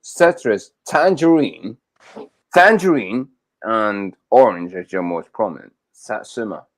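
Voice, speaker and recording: A man's voice: lowish voice, expressive, takes it slowly. A man with a Scottish accent chatting casually, swearing freely and loosely. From Scotland. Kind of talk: casual chat.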